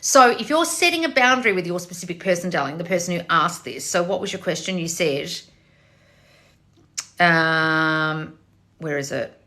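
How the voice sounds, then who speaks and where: A woman's voice: on the low side, animated, moderate pace, sharp tone. A woman, a manifestation coach, giving blunt, swearing advice in a lecturing monologue.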